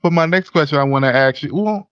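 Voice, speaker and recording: A male podcast host reacts and fires off questions in a quick, eager rush. His pitch sits in the middle. The recording is dry and somewhat dull and lo-fi. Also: fairly bright tone, clean tone, dry recording. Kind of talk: casual interview chat.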